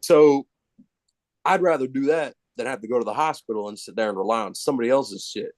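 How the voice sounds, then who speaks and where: Swearing, animated male storyteller, dry sound. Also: mid-range voice, fairly quick, no room sound. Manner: profane, animated, self-mocking. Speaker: podcast guest. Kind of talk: casual storytelling.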